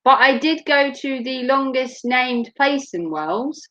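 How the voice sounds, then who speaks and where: A woman's voice: sits high, lively intonation, a little slow, a bit bright. A woman from Norfolk with a Norfolk English accent, hosting a casual chat in a blunt, joking way and laughing often. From Norfolk, England. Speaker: host. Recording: muffled lo-fi recording.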